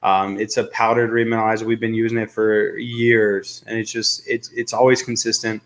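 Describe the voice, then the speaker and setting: A man's voice: lowish voice, level tone, moderate pace. Chatty male livestream host. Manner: rambling, joking, reads viewer comments aloud. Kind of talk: casual live-stream chat.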